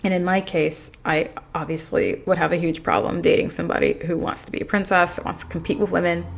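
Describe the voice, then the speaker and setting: A woman's voice: lowish voice, steady tone, brisk, vocal fry, breathy edge. A woman vlogger telling a storytime in a rambling, chatty way, full of fillers, recorded on a desk mic in her apartment. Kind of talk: casual storytime chat. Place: apartment in a noisy city.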